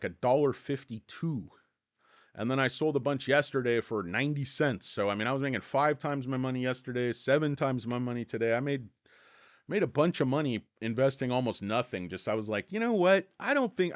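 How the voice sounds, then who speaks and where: A man's voice: mid-range voice, dry recording. Rambling, joking man on a dry mic. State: dry-mouthed, voice cracking. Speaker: stock livestream host. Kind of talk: casual livestream chat. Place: hot indoor office.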